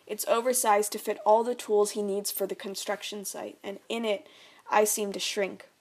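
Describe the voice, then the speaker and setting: A young woman reading her own memoir aloud in a quiet, reflective way. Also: mid-range voice, flat delivery, moderate pace.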